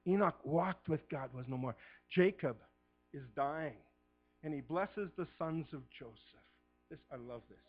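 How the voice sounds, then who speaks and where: A man's voice: on the high side, unhurried, faint music behind. Fervent middle-aged male preacher, lo-fi. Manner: fervent preaching, swinging from hushed to shouting. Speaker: pastor. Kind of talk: sermon.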